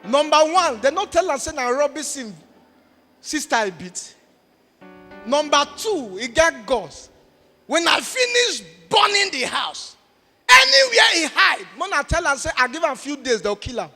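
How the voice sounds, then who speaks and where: High-pitched Nigerian preacher telling a story. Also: male voice, unhurried. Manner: animated, shifting between shouts and murmurs. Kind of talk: sermon storytelling. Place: church hall. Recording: reverberant church hall with faint music.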